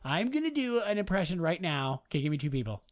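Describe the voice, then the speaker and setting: Co-host, male, lively jumpy pitch, crude teasing humor, higher voice. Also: quick pace, no echo. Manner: joking, profane, teasing. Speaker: podcast co-host. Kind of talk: casual chat.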